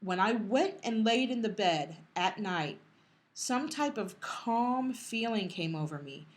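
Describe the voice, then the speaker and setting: Middle-aged woman co-host, emotional storyteller, halting, restarts, quotes others in passing. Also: mid-range voice, expressive. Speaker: podcast co-host. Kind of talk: casual storytelling.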